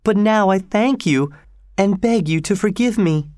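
A man performs a sweet, spirited young woman for an audiobook, raising his voice above its natural pitch. He sounds earnest, very animated and a little high at an ordinary pace. The studio-quality recording has no room sound.

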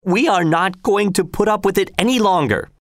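A man's voice: a little high, sing-song, normal speed, fairly bright tone, no room sound, studio quality, pitched above the performer's own voice. A man doing a strained, pleading peasant leader. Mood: pleading, defiant. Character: nervous, pleading male Swiss peasant leader.

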